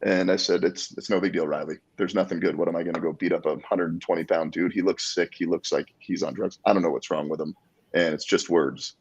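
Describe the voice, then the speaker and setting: A man talking casually as a podcast guest, an animated storyteller who acts out the people he quotes. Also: sits low, fairly quick, husky, lo-fi sound. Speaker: guest, jiu-jitsu black belt.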